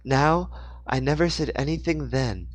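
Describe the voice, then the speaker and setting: A man's voice: mid-range voice, a little slow, dry recording, voice pushed up, lightly acted. A man voicing a furious woman assistant in her forties, scolding sharply in a read-aloud story.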